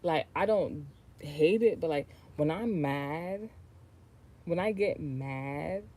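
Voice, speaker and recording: A woman's voice: sits low, slow pace, dark tone. A woman from the United States talking casually on a livestream as a tarot reader, rambling and swearing freely. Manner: rambling, profane, chatty, often trailing off and restarting.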